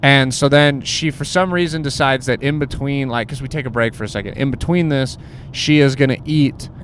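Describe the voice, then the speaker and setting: A man's voice: medium pitch, a little fast, a bit bright, a little hiss or hum. A young man casually telling a crude personal story, rambling with lots of "like" and "bro". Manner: rambling, filler-heavy, says "like" and "bro" constantly.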